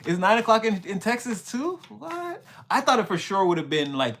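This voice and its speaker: A man's voice: high-pitched, lively intonation, fast talker, fairly bright tone. A young man, rambling casually on a livestream as a spiritual reader, repeating himself and exclaiming often. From Canada. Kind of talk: casual livestream reading and chat.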